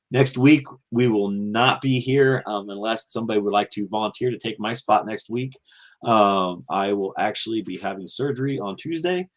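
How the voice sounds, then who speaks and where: A man hosting a casual fan podcast, signing off with frequent ums, earnest and unhurried. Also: lowish voice. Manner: many ums and restarts, earnest. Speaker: podcast host. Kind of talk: casual show sign-off.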